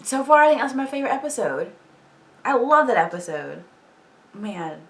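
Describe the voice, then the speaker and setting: A woman recapping a TV episode in a casual, animated reaction vlog, swearing freely and laughing often. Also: fairly high pitch, normal speed, distant mic. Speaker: TV show reaction vlogger.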